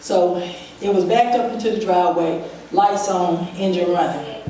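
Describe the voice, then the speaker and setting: A woman's voice: fairly low pitch, normal speed. Woman testifying in an echoey church. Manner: vivid storyteller, acts out the dialogue. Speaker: church member giving testimony. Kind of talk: personal testimony at a church service. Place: church sanctuary. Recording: very echoey hall, voice from far off, faint noise.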